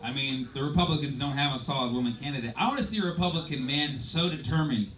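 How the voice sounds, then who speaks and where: A man's voice: medium pitch, fast talker. A man doing a stand-up set, delivering wry, sardonic punchlines. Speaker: stand-up comedian. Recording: echoey club heard from far off. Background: loud crowd laughter and noise.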